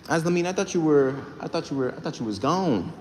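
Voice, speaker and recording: A man's voice: on the high side, animated, fast, darkish tone. Young man livestreaming from echoey gym. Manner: loose, rambling, hypes and thanks viewers. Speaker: livestreamer and rapper. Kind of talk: casual livestream chat reading comments. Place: indoor gym. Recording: echoey gym room, faint background noise.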